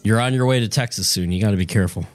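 A man co-hosting a casual podcast, laid-back, reacting with quick remarks. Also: on the low side, faint music behind. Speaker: podcast co-host.

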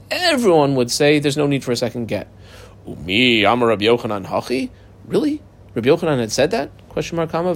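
A man teaching a Talmud page, reading the Aramaic text aloud and explaining it in casual, lively English. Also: on the high side.

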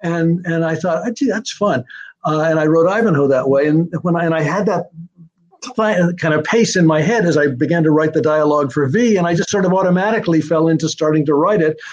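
The dull, lo-fi recording captures an older man, a screenwriter being interviewed, who recounts stories in rambling fashion with many fillers and restarts. He occasionally taps a rhythm out loud, speaking briskly in a fairly high pitch.

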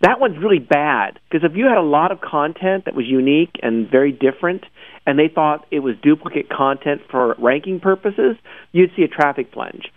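A chatty male host talks through a search news roundup in a casual, joking way, with laughs breaking in often. His somewhat high voice swings up and down a lot. The sound is thin and tinny, as if from a phone line, and quite dry. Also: animated, normal speed, no room sound.

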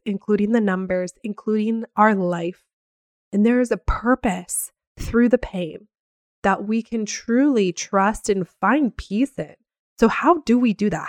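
A woman's voice: medium pitch, no echo. Earnest young woman on a faith podcast. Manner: earnest, reads scripture aloud. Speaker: podcast host. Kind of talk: faith-based podcast talk.

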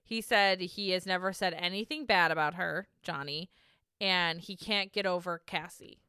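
A woman with a bright, crisp voice chats casually as a podcast co-host. She recaps bluntly, swears freely and laughs often. The sound is dry and close. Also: lowish voice, moderate pace, dry recording.

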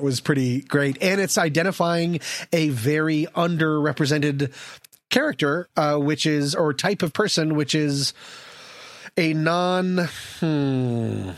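A man's voice: fairly high pitch, dry recording. A man co-hosting a casual movie podcast, rambling, self-deprecating and laughing often. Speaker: podcast co-host. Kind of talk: casual chat.

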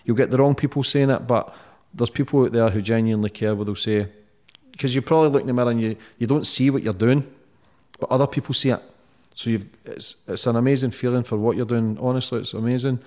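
A man hosting a podcast, talking bluntly and warmly, swearing freely as he praises his guest. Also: mid-range voice, fairly even intonation, fast talker. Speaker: podcast host. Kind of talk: casual interview chat.

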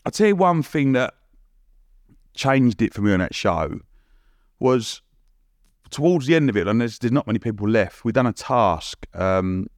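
A man telling a lively story as a podcast guest, full of restarts and acted-out quotes. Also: mid-range voice, dry recording, studio quality. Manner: rapid, animated, lots of restarts and acted-out quotes. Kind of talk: casual storytelling.

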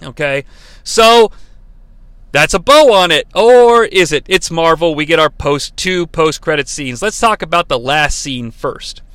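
A man with a high, bright voice rants casually as a podcast host. His talk is profane and sardonic. The recording is dry, with no room sound. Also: expressive, a little slow, smooth, no echo. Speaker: podcast host, film reviewer.

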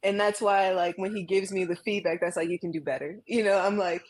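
A woman guest in a casual interview, talking about her life in an emotional, halting way with many fillers, heard over a video call. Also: mid-range voice, flat delivery. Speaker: guest, graphic artist.

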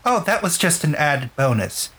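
A smug, scheming villain gloats in a dry, husky voice during a tabletop game, as the game master puts him on. The pitch rises and falls in a lilting way. The voice sounds a little distant from the mic. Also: big pitch swings, moderate pace, fairly bright tone. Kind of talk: voicing a character in a tabletop game.

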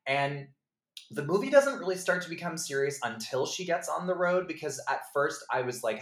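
A man's voice: on the high side, moderate pace, echoey room. A man co-hosting a podcast, talking casually about films, chatty with lots of "like" and "um". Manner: chatty, frequent "like" and "um", animated mock voices. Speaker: podcast co-host. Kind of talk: casual film discussion.

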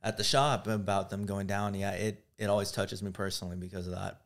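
A man's voice: lowish voice, fairly even intonation, fairly quick. A man talking as a guest on a podcast, casual and earnest, with some hesitant fillers. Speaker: guest, motorcycle gear salesman. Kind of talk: casual chat.

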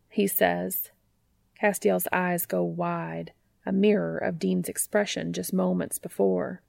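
A woman narrating a fan fiction story in a calm, intimate storytelling manner. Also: lowish voice, slow pace, creaky, dry recording.

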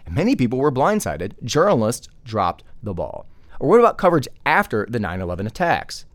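Lively, emphatic male podcast host. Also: mid-range voice, a little fast, no room sound. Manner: emphatic, full of rhetorical questions. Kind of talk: opinion commentary podcast.

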